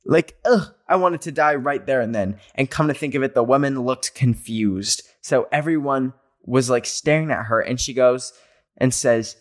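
A man's voice: medium pitch, moderate pace. A man hosting a casual solo podcast from home, reading out listener stories in a chatty, rambling way. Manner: chatty and rambling, often speeding up. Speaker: podcast host. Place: home near his garage.

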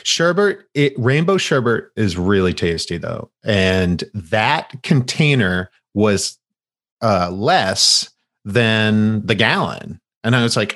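Man, middle-aged, from Maine, lowish voice, laid-back, laughs a lot, rambling chat. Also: animated, takes it slowly, a bit bright. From Maine, USA. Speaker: podcast guest. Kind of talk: casual chat.

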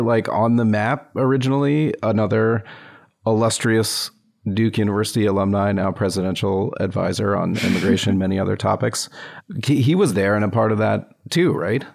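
A man hosting an interview, asking long, musing questions full of hedges. His voice sits low, with a gravelly fry running through it. He keeps an easy conversational tone. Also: a little mellow.

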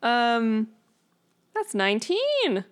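A woman playing a tabletop game, excited and rambling as she rolls. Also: a little high, extremely slow. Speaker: player.

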